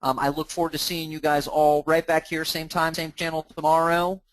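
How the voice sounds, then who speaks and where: Male training host, slightly high voice, dry close sound; casual screen-share walkthrough with frequent restarts. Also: monotone, normal speed, dry recording, poor audio. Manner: casual, narrates his clicks, often restarts words. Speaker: host of a mortgage training group.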